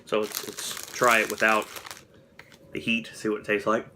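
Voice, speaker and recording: A man's voice: lowish voice, completely flat delivery, moderate pace, pushed and bright, a little hiss or hum. A young man chatting casually on camera as he taste-tests snacks, candid and a little dramatic about the flavors. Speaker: food review vlogger. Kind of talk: casual taste-test commentary.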